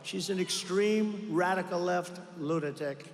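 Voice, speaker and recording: An older man delivers a rambling, boastful rally speech, circling back to the same phrases again and again. His voice sits fairly high, and his words ring out with a long reverb from a huge arena. A faint hum of ambience runs under everything. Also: unhurried. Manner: repetitive, boastful, rambling asides. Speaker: political rally speaker. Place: large arena.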